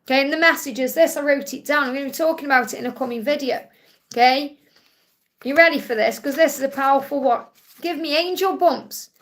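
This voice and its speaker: A woman from England with a Stoke-on-Trent accent hosts a live Q&A stream as a spiritual reader. Her voice sits high and fairly bright at a brisk pace, and she speaks soothingly and reassuringly, often checking in with "okay?".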